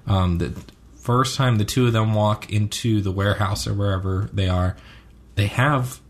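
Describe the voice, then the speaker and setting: A man with a fairly low voice chats casually as a podcast co-host, picking apart a TV episode. He rambles along, stopping for ums and correcting himself as he goes. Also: normal speed. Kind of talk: casual chat reviewing a TV episode.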